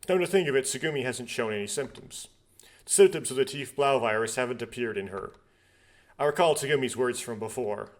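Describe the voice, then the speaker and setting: A young man working through a visual novel, reading its lines aloud in a steady middle voice. He keeps stopping for rambling, nitpicking asides that carry a dry sarcastic edge. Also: medium pitch, fairly quick. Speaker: let's play host. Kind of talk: reading a game's text aloud with commentary.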